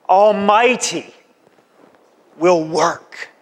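Male pastor, sermon, high-pitched, exhorting, repetitive calls, echoing church hall reverb. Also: animated, a little slow, fairly bright tone. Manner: exhorting, repetitive, acts out conversations.

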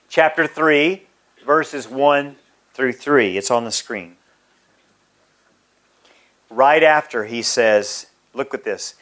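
A man preaching a sermon, reading scripture aloud in emphatic, drawn-out phrases to a congregation. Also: on the high side, a bit bright.

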